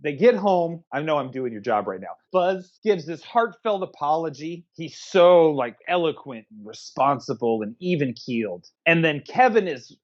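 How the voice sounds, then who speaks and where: A man's voice: a little high, lively intonation, moderate pace, hardly any pauses, lo-fi sound. A man co-hosting a casual movie review, ranting crudely and with emphasis. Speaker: movie review podcast co-host.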